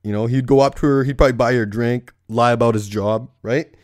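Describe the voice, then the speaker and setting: A man's voice: mid-range voice, fairly even intonation, fast, dry recording, studio quality. A young man from Surrey, British Columbia, doing a profane comedic rant as a movie reviewer. He keeps tagging his sentences with "right?".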